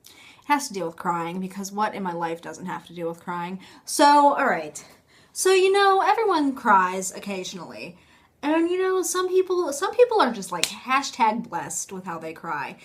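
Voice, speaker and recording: A woman's voice: mid-range voice, sing-song, normal speed. A young woman talking casually to her phone camera in a rambling, self-mocking vlog, full of fillers. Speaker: vlogger.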